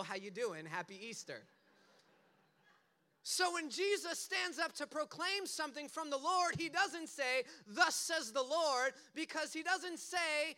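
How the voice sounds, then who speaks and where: A man preaching a casual, conversational sermon, telling stories with loose asides. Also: very high voice. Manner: animated storytelling with casual asides. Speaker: pastor.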